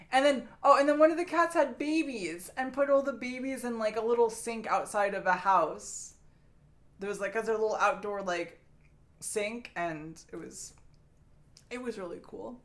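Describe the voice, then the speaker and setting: A woman's voice: medium pitch, expressive, normal speed. A young adult woman streamer chatting casually with her viewers, rambling and swearing freely.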